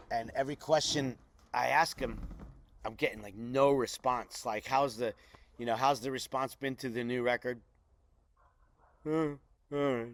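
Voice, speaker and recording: A middle-aged man, telling a lively anecdote as an interview guest and acting out the other people's lines. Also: mid-range voice, no echo. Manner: animated anecdote with quoted voices. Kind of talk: casual storytelling.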